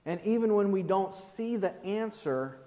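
Man, sermon, fairly high voice, long hall echo, dull muffled sound. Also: lively intonation, measured pace, warm tone. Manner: conversational, rhetorical asides. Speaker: preacher. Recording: dull reverberant hall recording.

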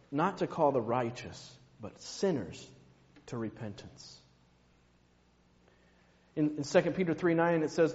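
A man preaching a sermon, slow and emphatic, dropping to a hush on key words. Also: fairly high pitch. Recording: muffled, long hall reverb.

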